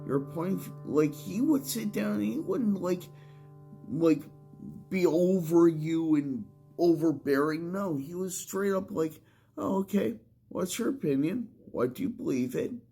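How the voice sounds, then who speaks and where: A tearful man pours out an impassioned, heated vlog monologue. His voice sits fairly high and rough with fry. He takes his time over every phrase. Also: lively intonation, a little slow, mellow, soft background music. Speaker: vlogger.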